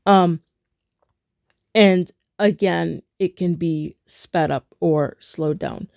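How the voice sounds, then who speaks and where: A woman teaching a spoken rhythm lesson, chanting rhythm syllables between halting explanations. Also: fairly low pitch, gravelly, darkish tone, dry recording, dull audio. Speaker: music teacher.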